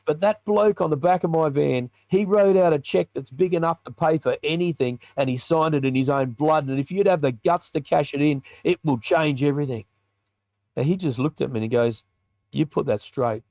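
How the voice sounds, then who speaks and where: A man's voice: a little high, brisk, a little mellow, no echo, highs cut off. Australian man telling a vivid story. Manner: colloquial, vivid storyteller acting out dialogue. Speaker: podcast guest, biker ministry leader. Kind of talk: telling a personal story in a podcast interview.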